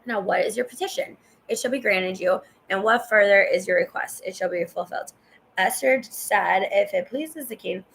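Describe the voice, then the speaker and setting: A woman's voice: medium pitch, creaky, a little hiss or hum, poor audio. A woman reading scripture aloud in a casual way, stumbling over hard names and stopping to cough. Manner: stumbles over names, chatty asides to the viewer. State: coughing and yawning. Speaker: Bible reader.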